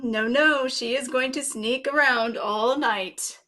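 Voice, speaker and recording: A woman librarian reading a picture book aloud at children's story time, playful and animated, gasping and asking the children questions. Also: fairly high pitch, slow pace. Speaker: guest librarian.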